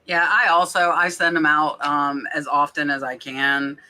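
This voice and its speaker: A woman's voice: deep voice, flat delivery, unhurried, pushed and bright. A woman hosting a casual podcast chat, reading out viewer questions with lots of "um" and "like.". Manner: chatty, many fillers like "um" and "like".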